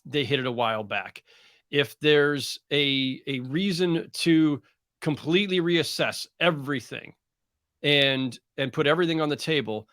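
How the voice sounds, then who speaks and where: A middle-aged man, a guest reporter, speaking in a measured, thoughtful and conversational way in an interview. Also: a little high, pushed and bright, dry recording, clean studio sound. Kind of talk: podcast interview.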